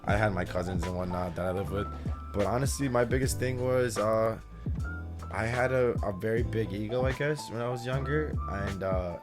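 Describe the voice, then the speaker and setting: A young man in his twenties talks low and soft, his sentences rambling and relaxed as he chats on a podcast. His pitch sits deep, and plucked guitar music plays loudly behind him. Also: moderate pace. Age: 20s. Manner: relaxed, talks in loose run-on thoughts with many fillers. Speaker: podcast guest. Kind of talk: casual podcast conversation.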